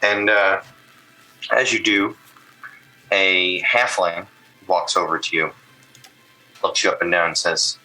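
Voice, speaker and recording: A man's voice: sits low, takes it slowly, long pauses, faint music behind, low-quality recording. A man running a tabletop game as game master, narrating loosely with fillers. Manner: relaxed, many fillers.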